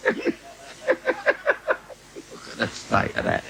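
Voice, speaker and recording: A man doing bawdy stand-up in a live cabaret, brash and cheeky, now and then breaking into shouted asides. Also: mid-range voice, big pitch swings, moderate pace. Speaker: stand-up comedian. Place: live theatre stage with audience. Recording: noisy live 1980s theatre recording.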